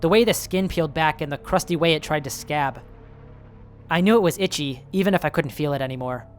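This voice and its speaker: A man's voice: a little high, brisk, soft background music. A man reading a horror story aloud in the first person, in a nervous, self-justifying telling. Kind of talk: scripted horror story narration.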